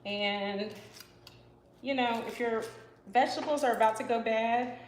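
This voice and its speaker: A fairly high-pitched woman hosts a casual live cooking stream from her home kitchen. She rambles cheerfully, answering viewer comments between steps. The sound is roomy, with a faint hum behind her. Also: fairly even intonation, unhurried. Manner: chatty and rambling, full of "you know" and "like", answers comments as she cooks. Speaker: professional chef and live-stream host.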